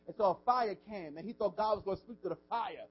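A pastor preaching a sermon, swinging from loud emphasis down to a hushed whisper, informal and repeating words as he asks the congregation questions. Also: high-pitched, fast talker, husky, lo-fi sound.

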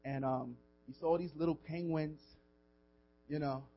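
Pastor man with a high voice preaching, goes loud then drops to a whisper, muffled lo-fi recording. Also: fairly even intonation, unhurried. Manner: dynamic preaching, swings from loud emphasis to hushed whisper; informal, repeats words, asks the congregation questions. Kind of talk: sermon.

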